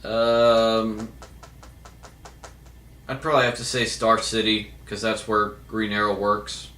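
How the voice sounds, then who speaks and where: A man's voice: lowish voice, monotone, takes it slowly, sharp tone, reverberant, a little hiss or hum. A man answering viewer questions in a casual monologue, hesitant, with many fillers and restarts.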